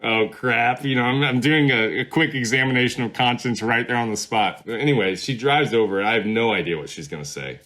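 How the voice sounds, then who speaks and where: A man's voice: medium pitch, fairly quick, hardly any pauses, pushed and bright. A middle-aged man, a former pastor, telling his story as a podcast guest in a rambling, casual way. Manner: rambling, many fillers and restarts.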